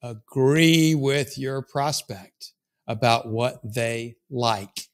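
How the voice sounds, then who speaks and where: A man with an everyday mid-range voice talks straight at his audience like a no-nonsense sales coach. He is blunt and emphatic, drops swear words without a pause, and keeps pushing the point. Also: mid-range voice, animated. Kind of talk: motivational coaching talk.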